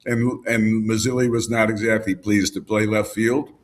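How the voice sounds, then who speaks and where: An older man, a baseball broadcaster, reminiscing in a relaxed podcast chat and piling up names and details. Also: fairly low pitch, moderate pace. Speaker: baseball radio broadcaster, guest. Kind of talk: casual storytelling in a podcast chat.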